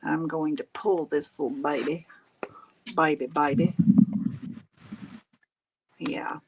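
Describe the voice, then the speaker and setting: A woman's voice: deep voice, fairly even intonation, slow pace, a little hiss or hum, rough recording. A woman from Tennessee with a Southern accent, hosting a craft livestream and chatting casually with folksy exclamations while she works. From Tennessee, USA.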